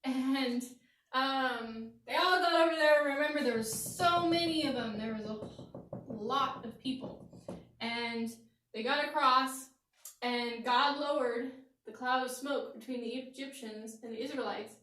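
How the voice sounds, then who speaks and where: High-voiced woman telling a children's Bible story. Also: measured pace, distant mic, slight background noise. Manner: animated, asks the kids questions. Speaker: children's Bible lesson teacher. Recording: roomy echo, voice from off-mic.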